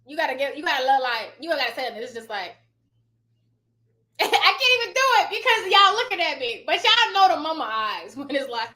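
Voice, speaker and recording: A woman's voice: high-pitched, big pitch swings, a little fast, sharp tone, reverberant. A woman hosting a casual live stream as a notary trainer, chatty and rambling, often losing her train of thought and laughing. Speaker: online notary trainer and host. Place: home office.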